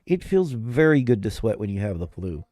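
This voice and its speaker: A man's voice: lowish voice, big pitch swings, moderate pace, warm tone, no room sound. A man streaming while sick with flu-like symptoms. He chats casually, rambles, interrupts himself and laughs often. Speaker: live streamer. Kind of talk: casual live-stream chat.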